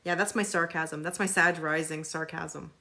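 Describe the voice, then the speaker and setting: A woman's voice: deep voice, fairly even intonation, moderate pace, bright, forceful tone, slight background noise. A woman hosting a live tarot reading, talking casually with viewers in a sarcastic, chatty way and reading card meanings aloud.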